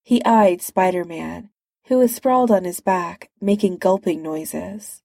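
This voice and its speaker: Woman narrator, slow and mellow, dry close sound, storybook reading. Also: on the low side, vocal fry, no echo. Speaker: reader. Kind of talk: reading fan fiction aloud.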